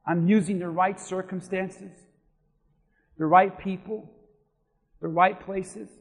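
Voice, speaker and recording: A man, a pastor, preaching a sermon and telling a story in an animated way, dropping to a hush and rising to shouts. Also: high voice, takes it slowly, vocal fry, big-room sound. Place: church sanctuary.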